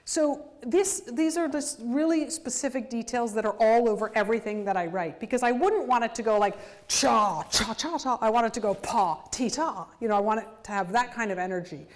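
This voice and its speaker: A woman with a somewhat high voice gives a university lecture on composing. She explains in an animated, precise way, breaking into sung nonsense syllables to show how a passage should move. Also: fast, few pauses. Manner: sings rhythms out in syllables to illustrate music; animated, detail-focused explanation.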